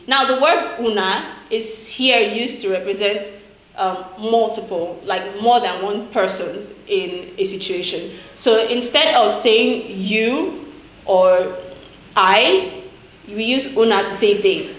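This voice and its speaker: A woman's voice: medium pitch, takes it slowly, a bit bright. A young Nigerian woman with a Nigerian accent, hosting a playful, chatty language tutorial vlog and laughing often. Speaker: vlogger. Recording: echoey room.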